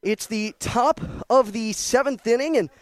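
A man's voice: very high-pitched, a little slow, no room sound. A young man calling a baseball game on the radio, upbeat and chatty, a little out of breath. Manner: upbeat, chatty, apologizes for slips. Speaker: baseball play-by-play announcer. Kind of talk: live radio play-by-play commentary. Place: ballpark press box in rain.

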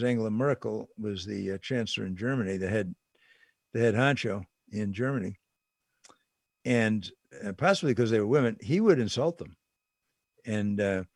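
A man's voice: mid-range voice, darkish tone, no echo, clean studio sound. An older man giving casual political commentary, talking conversationally and repeating phrases for emphasis.

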